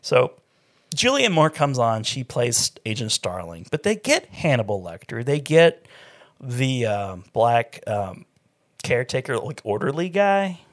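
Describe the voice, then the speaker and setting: A woman's voice: extremely low pitch, big pitch swings, measured pace. A woman co-hosting a podcast, chatting casually about movies, rambling and laughing often, with crude jokes.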